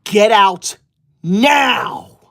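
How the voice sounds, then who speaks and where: Very slowly, in an exaggerated, high, bright and forceful voice, a man plays an indignant teacher's-pet boy livestreamer for a comedic skit. The touchy, self-righteous character scolds his viewers and bans them in melodramatic outbursts.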